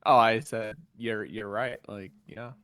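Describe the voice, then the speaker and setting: A man co-hosting a casual podcast over a voice call, easygoing and quick to laugh. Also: fairly low pitch, fairly even intonation, fairly bright tone, smooth. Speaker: podcast co-host. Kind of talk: casual chat. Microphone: remote call mic.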